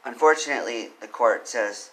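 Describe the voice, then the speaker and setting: A man giving spoken commentary on a legal case, earnest, reading quotes quickly and pressing his points with emphasis. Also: medium pitch, a bit bright, rough recording. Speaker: commentator on court cases.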